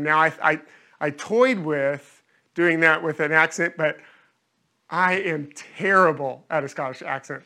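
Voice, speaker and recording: Earnest high-voiced male preacher. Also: slow pace, pushed and bright, clear, resonant tone. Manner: earnest, repeats words while searching for phrasing. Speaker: pastor. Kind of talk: sermon.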